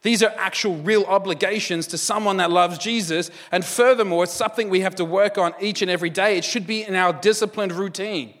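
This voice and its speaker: A man's voice: sits high, steady tone, brisk, few pauses, a bit bright. Man preaching in a reverberant hall. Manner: conversational, joking asides with laughs. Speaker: pastor. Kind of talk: sermon.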